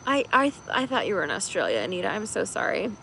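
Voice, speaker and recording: An American woman, a tarot reader who hosts her own channel, chats casually on a livestream. Her medium-pitched voice is strongly gravelly and creaky, with a sing-song lilt, a quick pace and a slightly bright edge. She rambles, leans on fillers and laughs easily, and the rough recording carries faint background noise beneath her.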